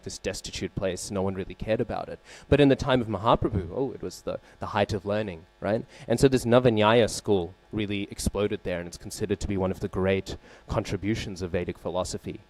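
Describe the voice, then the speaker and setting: A man leads a scripture class at a temple. His voice sits fairly low and sounds mellow and relaxed. He tells the story conversationally, with fillers, frequent "right?" check-ins, and open pauses to recall terms. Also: no room sound. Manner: openly searches for names and terms. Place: temple hall.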